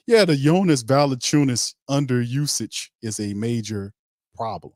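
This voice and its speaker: A man's voice: medium pitch, unhurried, a little mellow, no echo. Male podcast host, mid-range voice, slangy and emphatic, dry close mic. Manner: loose, emphatic, slangy delivery with many restarts. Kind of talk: casual sports talk show.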